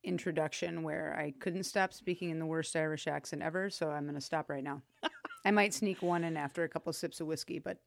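A chatty woman co-host who explains drinks in a loose, animated way. Her voice sits on the low side and sounds close and dry, with no room around it. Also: fairly quick, vocal fry, no echo. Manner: chatty and animated, with frequent laughs and loose asides. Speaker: sommelier and podcast co-host. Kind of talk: casual chat.

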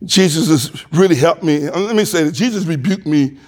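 A man preaching a sermon as pastor, reading scripture aloud and rising louder and higher to stress his points. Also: normal speed.

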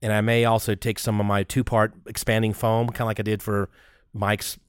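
Rambling, excitable man on a podcast. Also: fairly low pitch, fairly quick, clean tone, no echo, studio quality. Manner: rambling, excitable storyteller with frequent restarts. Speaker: podcast co-host. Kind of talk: casual podcast chat.

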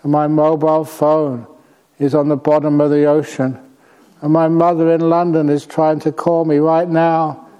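A man acting as a Buddhist teacher, telling a story to an audience in an unhurried way with light humor. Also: fairly high pitch, flat delivery, mellow, smooth.

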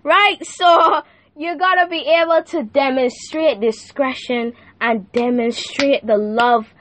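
Lively young woman giving a casual devotional. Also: high voice, takes it slowly. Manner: animated, laughing, asks the listener "right?" often; slangy and playful. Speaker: youth podcast host.

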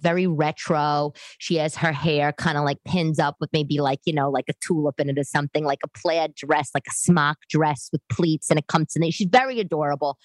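A low-pitched woman with a New York-area accent, chatting on her podcast and wandering off into tangents and little asides. The sound is dry and close, with no room echo. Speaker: podcast host and stand-up comic. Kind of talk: casual chat podcast. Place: living room.

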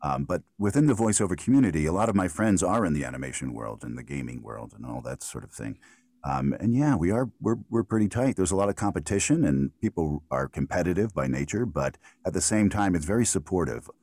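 A middle-aged American man with a remarkably low, booming bass voice, answering interview questions in a relaxed, wandering way. He often restarts his sentences and fills pauses with "um" and "uh." The sound is close and completely dry. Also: no echo. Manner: thoughtful, rambling answers with frequent restarts and fillers. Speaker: voiceover artist guest.

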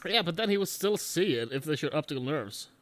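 A man's voice: fairly high pitch, animated, a little fast, slight background noise. A man co-hosting a casual podcast, making sarcastic, joking, profane remarks. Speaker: podcast co-host. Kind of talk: casual chat.

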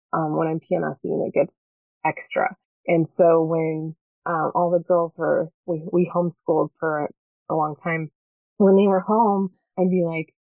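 Mom in her 40s, kinda low voice, earnest podcast chat, dull dry audio. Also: dry recording. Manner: earnest, talks in quick bursts with many "right?" checks. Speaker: podcast guest. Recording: dull, slightly lo-fi dry sound.

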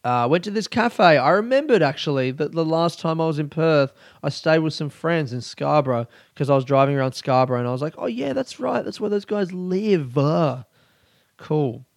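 Young aussie comic ranting on his podcast, swears a lot, kinda high voice, dead dry sound. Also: moderate pace, dry recording. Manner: rambling, sweary, mock-angry with bursts of laughter. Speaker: comedian and podcast host. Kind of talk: casual solo podcast monologue.

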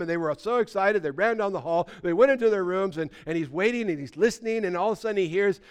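A man preaching a sermon, asking his listeners pleading questions and telling stories with lively energy. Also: fairly high pitch, clean tone. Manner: animated storytelling, pleading questions. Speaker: pastor.

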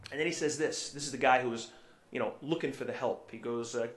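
Conversational preacher in an echoey church. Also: male voice, medium pitch, quick pace. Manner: conversational storytelling, frequent fillers and restarts. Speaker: priest. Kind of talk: sermon.

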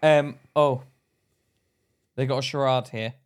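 A man's voice: mid-range voice, fairly even intonation, takes it slowly, smooth. A young British man with an ordinary mid-range voice, talking casually on a podcast. He hesitates and mumbles through half-sure guesses. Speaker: podcast co-host. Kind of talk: casual banter, reading a list.

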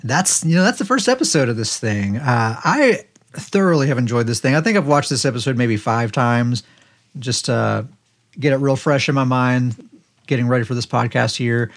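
A man co-hosting a podcast, casually retelling scenes in a relaxed storytelling way with quick quoted lines. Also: medium pitch. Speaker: podcast co-host. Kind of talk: casual recap chat.

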